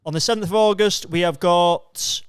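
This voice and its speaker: A man co-hosting a podcast, talking eagerly and enthusiastically and thinking out loud. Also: high-pitched, normal speed, clean tone, no room sound, clean studio sound. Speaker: podcast co-host. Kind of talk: casual podcast chat.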